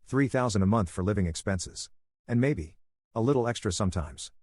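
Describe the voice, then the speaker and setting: A man's voice: on the low side, animated, a little fast, darkish tone, no room sound, studio quality. A man reading a defensive, evasive mother. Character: defensive middle-aged mother who favors her daughter.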